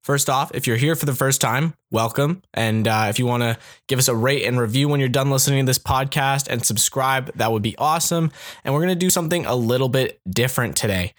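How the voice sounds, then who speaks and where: A man's voice: mid-range voice, a little fast. A young man from Canada hosting a comedy podcast, joking and sarcastic with frequent laughter. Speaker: podcast host. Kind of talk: casual comedic podcast monologue.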